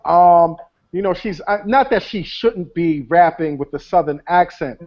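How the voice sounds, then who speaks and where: A man on a panel speaking haltingly, repeating words as he thinks. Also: high voice. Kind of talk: panel discussion. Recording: dull lo-fi sound.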